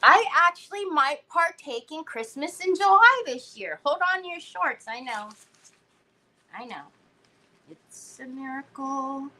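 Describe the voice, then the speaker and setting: Her high-pitched voice is very animated yet slow, pushed and bright. She hosts a crafting stream, reading viewer comments out loud and chatting playfully in cutesy baby talk.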